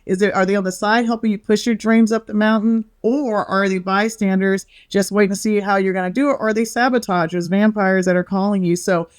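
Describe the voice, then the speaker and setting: A woman's voice: medium pitch, fairly even intonation, a little fast, hardly any pauses, no room sound, studio quality. A middle-aged woman on a podcast, a bubbly storyteller who acts out quotes and laughs often. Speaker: podcast guest, wellness author. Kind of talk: casual interview chat.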